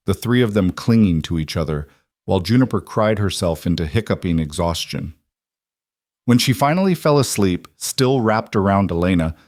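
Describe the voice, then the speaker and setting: A man reads a story in a measured, steady delivery. His voice is fairly low and the recording is dry and close. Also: no room sound. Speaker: narrator. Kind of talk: scripted story narration.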